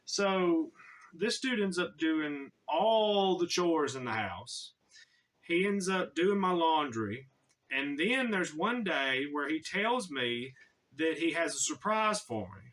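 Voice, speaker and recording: A man's voice: on the high side, sing-song, takes it slowly, a bit bright, far from the mic. A man telling a personal story in a casual, chatty way, full of slang.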